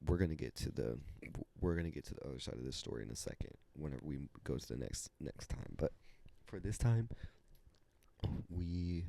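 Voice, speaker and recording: A young man hosting a podcast, telling a story in a casual, animated and profane way, dropping into whispers at times. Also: a bass voice, fairly quick, vocal fry. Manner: animated, profane, dramatic retelling with sudden whispers. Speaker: podcast host.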